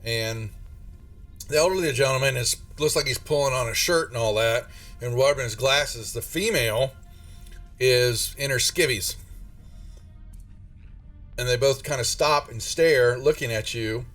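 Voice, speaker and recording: A man's voice: mid-range voice, a little slow, long pauses, fairly bright tone. Male game master, rambling narration with restarts, recorded from a distance with faint music behind.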